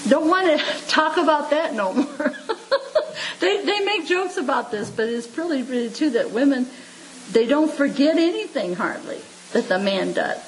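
Folksy high-voiced woman in her seventies preaching. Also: lively intonation, normal speed, low-quality recording. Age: 70s. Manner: homespun, chuckling, repeats for emphasis; addresses listeners like family. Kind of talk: folksy devotional sermon.

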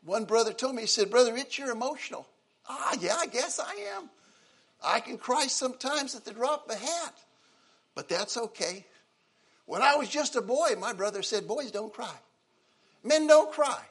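An older man preaching a sermon, emotional, swinging from loud exclaiming to soft, quiet lines. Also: extremely high pitch, expressive, normal speed, husky. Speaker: pastor.

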